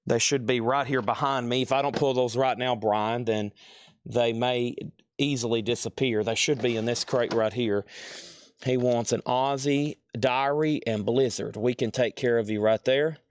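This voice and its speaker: Man, live sale host, fast patter, slightly winded, mid-pitched voice. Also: dry recording, clean studio sound. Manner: fast, chatty, running through prices and buyer names. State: a bit out of breath.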